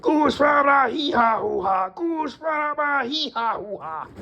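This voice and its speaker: A man putting on a high, slow, sing-song chant as mocking chanters of a silly magic calming phrase. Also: highs cut off, slight background noise, exaggerated voice.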